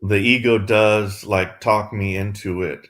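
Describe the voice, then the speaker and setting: A man's voice: on the low side, fairly even intonation, unhurried, fairly bright tone. A man who is a caller answers briefly and hesitantly in a casual chat.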